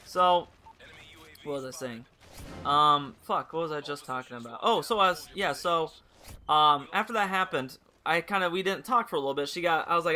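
A gaming channel host, a young man with a slightly high, pushed and bright voice, tells a rambling personal story at a moderate pace over gameplay commentary. He's casual and candid, swearing freely.

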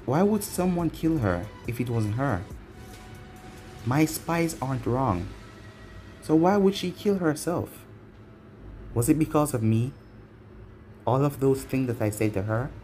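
A troubled young ninja leader, as a man puts him on, turns questions over in a brooding, searching way. The voice sits in a plain middle register, with soft music in the background of this fan audio story. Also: medium pitch, expressive, a little slow, pauses often, natural voice.

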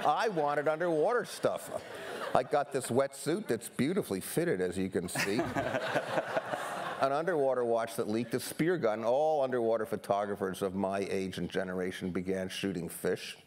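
An older man from New York City, telling stories on stage as a guest photographer, animated and self-deprecating, often restarting his sentences. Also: medium pitch, moderate pace, noisy background. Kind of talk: humorous stage conversation. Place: seminar stage before an audience.

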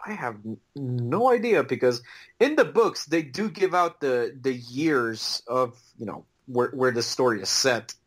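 In a mid-range, animated voice at a measured pace, a man co-hosts a laid-back podcast. He hesitates a lot, restarting and saying um often, and laughs readily.

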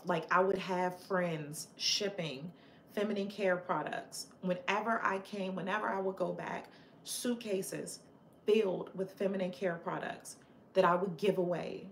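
A woman's voice: fairly low pitch, vocal fry, echoey room, a little hiss or hum. A woman hosting a casual live chat with her viewers, passionate and opinionated, chatty with frequent fillers and restarts. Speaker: livestream host chatting with viewers.

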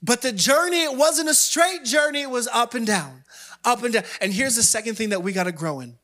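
A man preaching a sermon, telling a story in an animated way with playful asides to the congregation. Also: extremely high pitch, a little fast. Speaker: pastor.

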